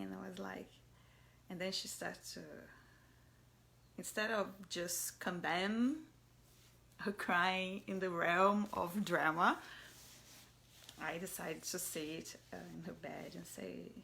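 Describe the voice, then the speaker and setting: A mother telling a personal story in a soft, halting voice that often drops to a whisper. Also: on the low side, fairly even intonation, vocal fry, a little hiss or hum. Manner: halting, searching for words.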